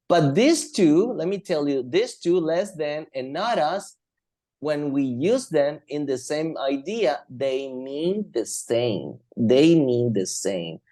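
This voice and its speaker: Slow, mellow-voiced male English teacher. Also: on the high side. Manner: slow, repetitive, thinking aloud. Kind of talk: classroom grammar lesson.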